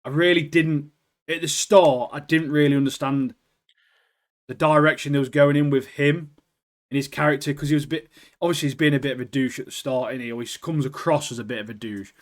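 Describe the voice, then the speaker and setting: A young British man co-hosting a podcast, chatting casually and excitedly, swearing and calling his friend "mate" constantly. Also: on the high side, brisk. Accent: British English. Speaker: podcast co-host. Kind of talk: casual chat.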